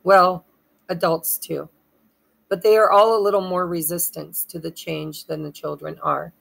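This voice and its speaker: A woman giving a pick-a-pile tarot reading with a hoarse throat she keeps clearing, talking in a halting way, spelling out names and losing her place. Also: lowish voice, rough recording. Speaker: tarot reader.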